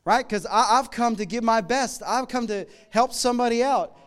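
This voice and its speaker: A middle-aged man preaching a sermon in a conversational, humorous way, moving between loud emphatic lines and quiet asides. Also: very high-pitched, moderate pace, clean tone. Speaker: pastor.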